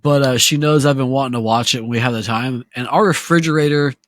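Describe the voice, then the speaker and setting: A man's voice: medium pitch, quick pace, no room sound, clean studio sound. Profane, laughing man on a podcast. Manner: profane, laughing, acts out movie scenes. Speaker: podcast co-host. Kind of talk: casual podcast chat.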